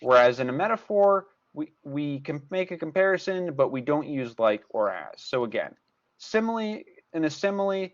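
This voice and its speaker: A math tutor with a voice on the high side explains a lesson step by step in a recorded class, the audio sounding dull. He repeats key points and stresses them.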